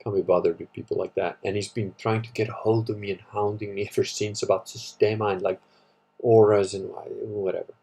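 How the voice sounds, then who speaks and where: Husky man rambling. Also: lowish voice, little pitch movement, brisk, dark tone. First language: Italian. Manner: rambling, profane, wry. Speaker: livestream host. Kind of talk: casual livestream chat reading comments.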